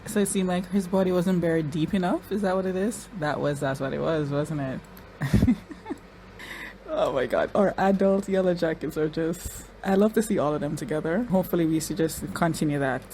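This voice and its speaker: A woman's voice: sits low, moderate pace, warm tone, slight background noise, poor audio. A woman giving casual reaction commentary on a TV episode, chatty and talking straight to the characters, with frequent restarts and repeated words. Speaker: show reaction YouTuber.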